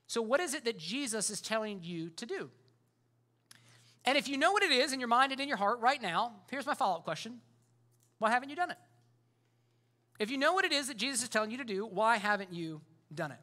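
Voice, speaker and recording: A man's voice: very high-pitched, sing-song, fast, pushed and bright. A man preaching a sermon as pastor, in a casual, conversational way full of fillers.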